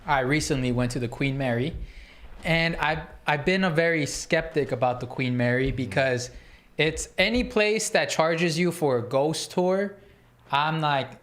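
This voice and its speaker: A man on a podcast telling a story in a casual, animated, rambling way, full of fillers and restarts. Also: a little high, a little slow. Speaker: podcast host.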